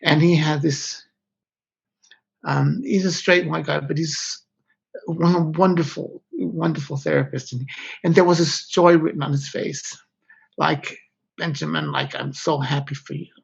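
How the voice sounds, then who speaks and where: A man's voice: fairly high pitch, fairly even intonation, a little slow, creaky, breathy edge. A man, a guest author, speaking candidly and reflectively in an interview, often breaking off mid-thought. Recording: slightly dull lo-fi audio.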